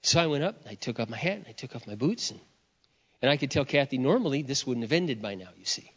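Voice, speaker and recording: A man's voice: mid-range voice, animated, fast talker, breathy edge. A middle-aged man preaching a sermon, telling a personal story with self-mocking humor and acting out both sides of a prayer. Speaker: pastor. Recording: muffled sound in a big reverberant hall.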